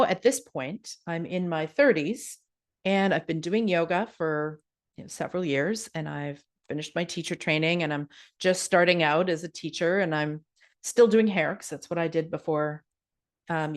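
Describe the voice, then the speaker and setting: A middle-aged woman hosting a yoga podcast, telling a personal story in a candid, casual way with frank asides. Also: lowish voice. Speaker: podcast host and yoga teacher.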